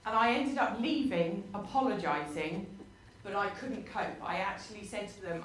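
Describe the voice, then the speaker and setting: A woman's voice: mid-range voice, normal speed, slight background noise. A woman preaching a sermon, telling a personal story with rhetorical questions to her congregation. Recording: roomy hall with faint ambience.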